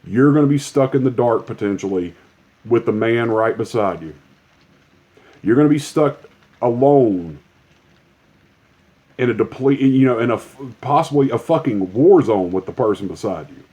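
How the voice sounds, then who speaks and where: Angry profane man ranting, mellow voice. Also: mid-range voice, lively intonation, moderate pace, pauses often, slightly rough. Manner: profane, heated, emphatic. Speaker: commentator. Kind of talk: angry political rant.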